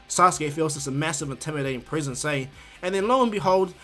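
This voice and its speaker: A young New man tells a fan story in a loose, rambling way, full of "um"s and asides. His voice sits a bit high for a man. Faint music runs under his talk. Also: brisk. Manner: rambling, filler-heavy, animated. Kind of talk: casual fan-story retelling.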